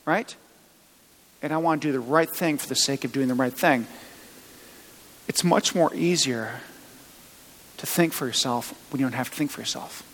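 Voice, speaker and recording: A man's voice: mid-range voice, moderate pace, pauses often, fairly bright tone. Man preaching in a reverberant hall. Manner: conversational preaching with rhetorical questions and military anecdotes. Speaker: pastor. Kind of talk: sermon.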